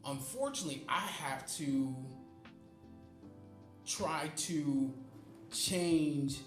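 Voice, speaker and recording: A man's voice: fairly high pitch, very slow. A man speaking as a guest in a casual conversation, explaining his views earnestly and thoughtfully. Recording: roomy room with faint music.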